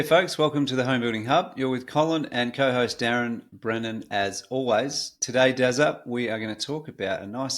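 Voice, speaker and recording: A middle-aged Australian man hosting a podcast in a relaxed, chatty way with frequent fillers. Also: on the low side. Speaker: podcast host. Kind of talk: casual conversational podcast.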